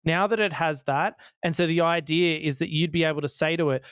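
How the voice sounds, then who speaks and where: A man's voice: fairly high pitch, steady tone, a little fast, hardly any pauses, a bit bright, smooth, no room sound, clean studio sound. A man co-hosting a tech podcast, explaining ideas eagerly with frequent restarts. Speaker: podcast co-host. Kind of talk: casual tech podcast chat.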